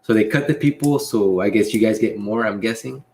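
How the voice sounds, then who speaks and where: A man's voice: fairly low pitch, brisk, darkish tone. Laid-back young man chatting on stream. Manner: laid-back, reads chat aloud, laughs often. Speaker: livestream host and delivery driver. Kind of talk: casual livestream Q&A reading chat.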